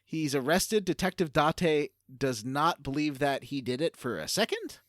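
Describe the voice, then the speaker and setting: A man's voice: fairly high pitch, animated, unhurried, fairly bright tone, no room sound, clean studio sound. A man co-hosting a casual gaming podcast, laughing often and walking through the game's story with plenty of fillers. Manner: laughs often, explains the game plot with many fillers. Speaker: podcast co-host.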